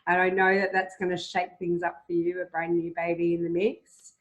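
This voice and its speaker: A woman's voice: on the low side, monotone, normal speed. A woman hosting an interview, talking in an encouraging way with frequent ums. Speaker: host. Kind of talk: casual interview chat.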